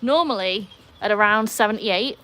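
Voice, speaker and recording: A woman from England with an English accent, hosting a casual live stream outdoors by a pool and chatting with viewers, her voice jumping high when she greets people. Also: moderate pace, sharp tone, a little hiss or hum. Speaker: livestream host reading chat.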